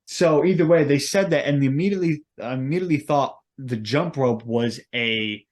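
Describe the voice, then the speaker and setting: A man's voice: mid-range voice, moderate pace. A man co-hosting a podcast in casual chat, rambling and hesitant, filling gaps with "like". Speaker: podcast co-host.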